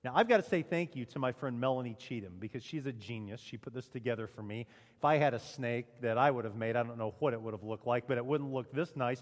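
A man preaching a sermon as pastor, with dramatic emphasis and a lively delivery. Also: long reverb tail. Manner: animated preaching with dramatic emphasis and lowered punchlines. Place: church sanctuary.

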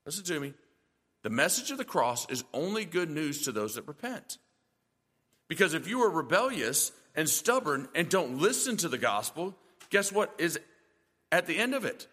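Pastor guy preaching hard, lots of rhetorical questions, high voice, echoey church hall. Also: big pitch swings, moderate pace, bright, forceful tone, slightly rough. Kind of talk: sermon.

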